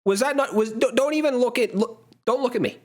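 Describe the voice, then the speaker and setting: A man's voice: very high-pitched, a little fast. A man hosting his own channel, ranting in a sports reaction vlog, exasperated and rambling, stammering through restarts and swearing. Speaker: channel host.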